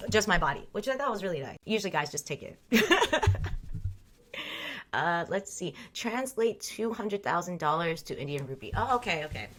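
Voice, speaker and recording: A woman's voice: fairly low pitch, fairly bright tone. A woman in her thirties hosting a casual livestream, reading chat aloud and talking frankly with frequent laughter. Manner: frank, chatty, laughs often. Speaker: livestream host.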